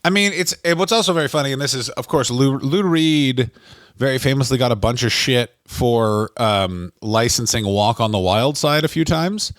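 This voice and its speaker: A man's voice: mid-range voice, normal speed, a bit bright, no room sound, clean studio sound. A man co-hosting a podcast in casual comedic chat, ranting profanely with hot takes. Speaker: podcast co-host.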